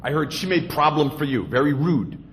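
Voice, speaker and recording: A humble old Zen master pleads slowly and politely, as a man acts him out. His pitch moves with lively rises, and a long hall reverb trails after each phrase. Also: slight background noise. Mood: apologetic. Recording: echoey hall.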